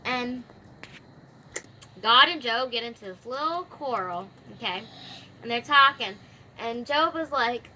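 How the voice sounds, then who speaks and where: A woman's voice: on the high side, lively intonation, unhurried, long pauses, bright, forceful tone. A woman retelling a scripture story in casual, slangy chat. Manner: chatty, slangy, filler-heavy.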